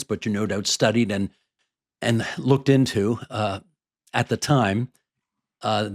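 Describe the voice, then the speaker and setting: A man hosting a podcast who sets up his questions in a measured way, with the odd filler. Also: on the low side. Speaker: podcast host. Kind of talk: conversational podcast interview.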